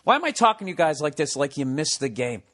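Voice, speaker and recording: A man in his forties riffs through a comedic podcast monologue, swearing freely and ranting with animated energy. His voice sits a touch higher than most men's. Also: quick pace. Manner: profane, ranting, animated storytelling. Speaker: podcast host.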